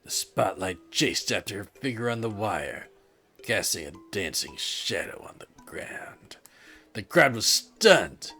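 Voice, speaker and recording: A man streaming, reading a story game aloud with expressive storytelling. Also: fairly low pitch, slow, soft background music.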